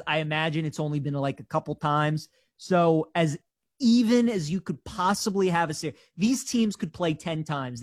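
A man co-hosting a live sports talk show, giving animated, opinionated predictions and betting picks. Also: a little high, no room sound, clean studio sound.

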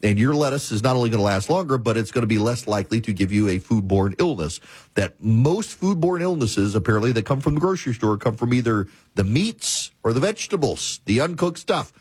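A male talk show host telling a story and giving commentary in a measured, repetitive cadence. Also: medium pitch, lively intonation, a little mellow, slightly rough, no room sound.

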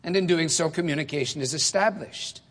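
Preacher with a ringing hall echo. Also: male voice, fairly high pitch, fairly bright tone. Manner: measured, emphatic, with rhetorical questions. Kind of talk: expository sermon. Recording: long hall reverb.

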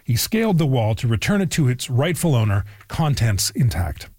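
A man's voice: medium pitch, sing-song, brisk, a little mellow, dry recording, clean studio sound. A man hosting a radio show, reading a scripted introduction with a wry tone. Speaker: radio host. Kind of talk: scripted narration.

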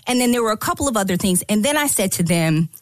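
A woman guest on a podcast telling a story, animated and emphatic, acting out the lines she quotes. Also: medium pitch, quick pace, no room sound. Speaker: guest entrepreneur.

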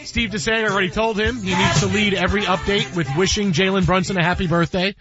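A man's voice: high voice, steady tone, fast, muffled recording, music in the background. A man hosting a sports radio show in a studio, talking in emphatic, playfully dismissive banter that keeps repeating its point.

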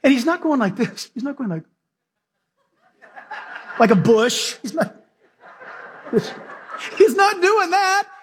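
A male pastor preaching an animated sermon, telling stories and acting out voices. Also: extremely high pitch, slow pace, long pauses. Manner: animated, storytelling, acts out voices.

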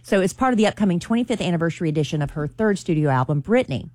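A woman's voice: lowish voice, lively intonation, very fast, darkish tone, dry recording. A woman, chatting as the entertainment news voice of a morning radio show in a gossipy storytelling way.

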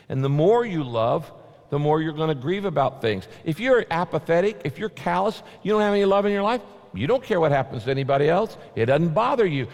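A man's voice: a little high, darkish tone. Emphatic preaching man in an echoing hall. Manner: emphatic, repetitive preaching with sudden rises. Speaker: pastor. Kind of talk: sermon. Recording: long hall reverb.

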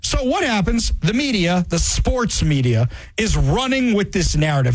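A man's voice: high-pitched, moderate pace, dry recording. A man hosting a talk show, delivering a sarcastic, opinionated commentary monologue. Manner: sarcastic, mocking, animated.

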